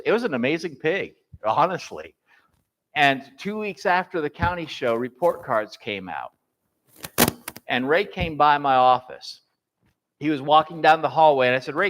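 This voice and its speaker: A middle-aged man who directs a boys home, telling a folksy story to a church class and quoting the people in it. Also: mid-range voice. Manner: folksy anecdotal storytelling, quotes others in lively bursts.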